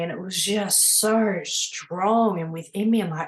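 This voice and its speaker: Woman, spiritual mentor, earnest animated storytelling, fairly low voice, echoey room. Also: a little slow, hardly any pauses. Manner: earnest, animated, many "you know" fillers. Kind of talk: personal storytelling monologue.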